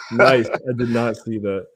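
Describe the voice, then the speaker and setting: A man's voice: mid-range voice, fairly bright tone, husky. Casual male livestream podcast host. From Ohio, USA. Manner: rambling, runs giveaways, laughs often.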